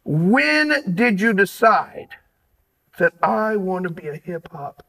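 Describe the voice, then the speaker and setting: A man hosting a podcast, talking in an energetic, slangy, playful hype-man way. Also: high voice, slow, gravelly, poor audio. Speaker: podcast host. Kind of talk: hyped casual podcast chat.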